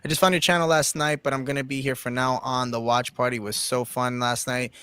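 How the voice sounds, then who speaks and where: A man's voice: medium pitch, flat delivery, brisk, bright, forceful tone, smooth, no room sound. A man hosting a livestream in casual chat, effusively thanking his guests and viewers. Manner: effusive, thanks people repeatedly. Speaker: livestream host.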